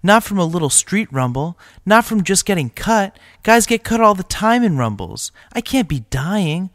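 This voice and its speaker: A man's voice: high voice, sing-song, normal speed, a bit bright, dry recording, clean studio sound, pitched above the performer's own voice, heavily acted. A man doing a wounded, pleading teenage boy. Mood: desperate. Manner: pleading, strained. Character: wounded teenage boy gang member, desperate.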